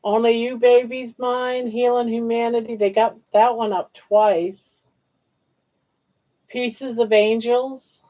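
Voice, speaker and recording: Older woman live-stream host, slightly high voice, slow, awestruck and emotional, repeats herself. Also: flat delivery, lo-fi sound. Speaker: livestream host. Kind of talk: casual livestream chat.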